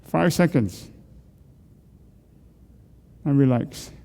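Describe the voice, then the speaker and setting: A gravelly, dark, medium-pitched voice moves very slowly through a large church hall. It belongs to a middle-aged man leading neck exercises, who coaches the group, asks questions and jokes with them.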